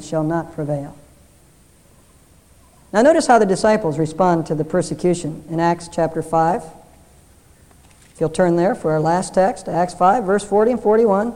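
A man preaching a sermon as pastor, earnest, moving between loud emphasis and hushed appeals and repeating key phrases. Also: high-pitched.

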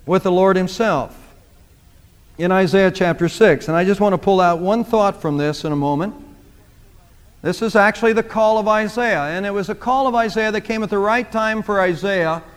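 A man's voice: high-pitched, smooth. A man preaching a sermon, speaking emphatically and repeating phrases for emphasis. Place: church sanctuary. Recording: long church reverb.

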